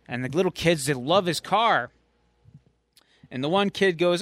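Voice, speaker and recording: A man's voice: fairly high pitch, animated, moderate pace, long pauses, fairly bright tone, no echo, clean studio sound. A man co-hosting a podcast, casually recapping a comic book story and acting out its quotes. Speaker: podcast co-host.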